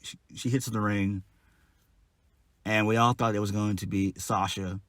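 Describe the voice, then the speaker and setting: A man's voice: on the low side, fairly even intonation, a little slow, no room sound. A man giving a casual solo wrestling review, blunt, exasperated and profane.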